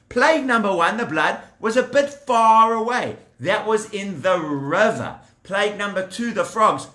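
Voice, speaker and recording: Animated male storyteller for children with a high, bright voice, recorded in an echoey room. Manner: lively, animated, talks directly to the children with props.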